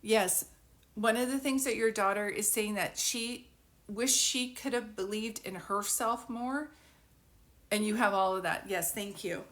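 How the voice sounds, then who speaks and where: A woman's voice: medium pitch, unhurried, a bit bright. A woman working as a psychic medium, giving a live spirit reading in a chatty, informal way and laughing often.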